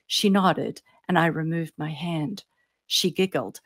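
Woman, fairly low voice, author reading own fiction, suspenseful storytelling. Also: slow pace. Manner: storytelling, drops softly on ends of phrases, lifts on suspense.

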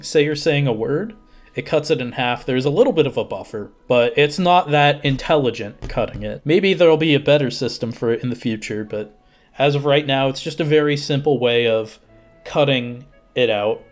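A man with an ordinary middle-range voice narrates a screen-recorded tutorial, casual and chatty as he explains each step. Light background music sits faintly under his desk-mic voice-over. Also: mid-range voice. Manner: relaxed, conversational, explains step by step with fillers. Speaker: software tutorial host.

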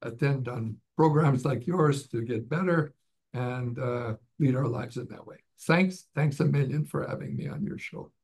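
A man's voice: mid-range voice, a little slow, vocal fry, a little mellow, breathy edge. An older man, a podcast guest and author, genially telling a humorous story in casual chat.

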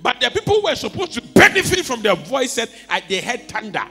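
Animated preacher with a lively high voice. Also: male voice, a little fast. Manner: animated preaching, swings from soft to shouting. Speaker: pastor. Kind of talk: sermon. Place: church hall. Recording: long hall reverb with faint music.

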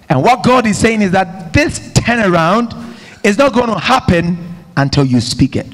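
A man's voice: high voice, lively intonation, moderate pace, a bit bright. A man with an African accent preaching a sermon to a congregation, emphatic and rousing, calling on listeners to repeat after him. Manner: emphatic, call-and-response with congregation. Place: church hall with congregation.

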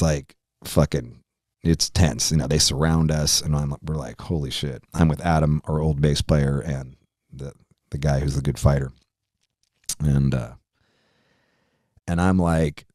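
Low-pitched male podcast guest, profane rambling storyteller, dry close sound. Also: a little mellow, dry recording. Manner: profane, rambling, laughs while telling. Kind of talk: casual storytelling anecdote.

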